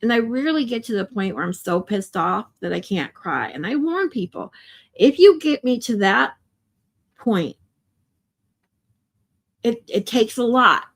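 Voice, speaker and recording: A woman hosting a casual livestream, talking to viewers in an emotional, chatty way with a lot of swearing. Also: on the high side. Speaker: livestream host.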